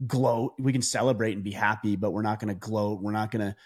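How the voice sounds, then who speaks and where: Animated man telling a hunting story. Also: lowish voice, fairly quick, breathy edge. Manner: animated, frequent restarts and fillers. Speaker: podcast guest. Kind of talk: casual conversational storytelling.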